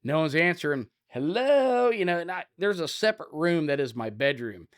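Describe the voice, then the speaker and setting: A man around forty from Ohio, co-hosting a podcast and telling loud, animated stories in casual chat. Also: on the high side, brisk, smooth. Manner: loud, animated storyteller, acts out scenes. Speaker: podcast co-host.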